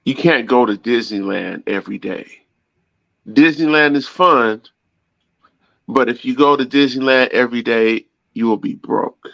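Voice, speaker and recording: A man's voice: mid-range voice, a little slow, creaky, a bit bright, dry recording. Blunt man on dull, dry lo-fi audio. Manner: blunt, repetitive analogies, restarts words. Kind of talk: casual opinionated chat.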